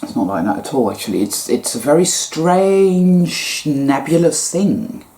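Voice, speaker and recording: Blunt, swearing woman, low voice. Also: big pitch swings, unhurried, dark tone. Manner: blunt, profane, emphatic. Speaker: spiritual vlogger. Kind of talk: ranting spiritual monologue.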